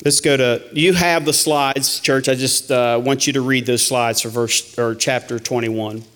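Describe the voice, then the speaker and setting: A man's voice: mid-range voice, steady tone, measured pace, a bit bright, in a large hall. A man teaching a Bible study in sermon style, reading scripture aloud and repeating key lines to the church.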